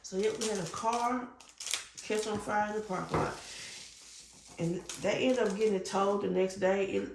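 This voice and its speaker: A middle-aged woman with a gravelly, creaky voice chats casually to her viewers, rambling and piling up fillers as she tells a story. Her voice rings around an echoey room with a faint hiss behind it. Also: mid-range voice, normal speed, long pauses. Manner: gets loud and excited when retelling a scare. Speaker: crafting channel host. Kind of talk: casual chat while crafting.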